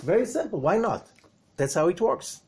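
A man giving a Torah lesson in an animated way, asking rhetorical questions and swinging between loud emphasis and hushed remarks. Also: high voice, moderate pace, breathy edge.

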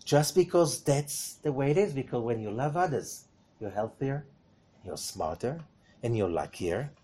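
A man giving a Torah lesson in an animated way, asking rhetorical questions and swinging between loud emphasis and hushed remarks. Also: mid-range voice, unhurried, a little hiss or hum.

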